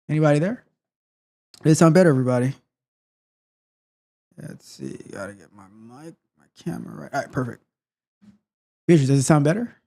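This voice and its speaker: A man's voice: on the high side, gravelly, darkish tone. Upbeat male livestream host. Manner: friendly, greets chat viewers. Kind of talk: casual livestream chat.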